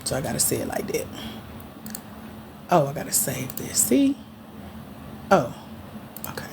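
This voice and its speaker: A woman hosting a casual livestream, she teases and scolds her viewers in a playful way. Her pitch swings widely as she talks, and she speaks. Faint noise sits under the voice. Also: very animated, a little slow, creaky. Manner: playful, teasing, talks back to chat comments. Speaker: grant coach hosting a livestream.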